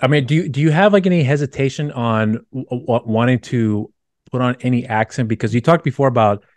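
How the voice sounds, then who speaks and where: A man's voice: mid-range voice, fairly quick, a little mellow, dry recording. A man from the United States who grew up speaking Spanish, hosting a podcast and asking long, rambling questions with many restarts. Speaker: podcast host. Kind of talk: casual interview talk.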